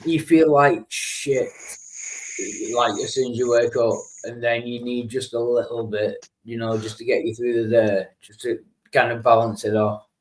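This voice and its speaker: Relaxed male streamer hosting a chat, agreeable, keeps it brief. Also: medium pitch, moderate pace, poor audio. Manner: easygoing, agreeable, brief replies. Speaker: streamer host. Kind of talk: casual chat.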